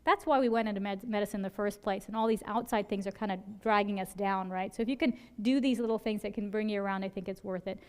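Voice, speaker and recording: A woman's voice: mid-range voice, fast talker, hardly any pauses, clean tone. A woman emergency physician giving a conversational lecture to fellow doctors, telling stories with quoted dialogue and often checking in with "right?". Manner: conversational, peppers points with "right?"; animated storytelling with quoted dialogue. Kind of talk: conference lecture.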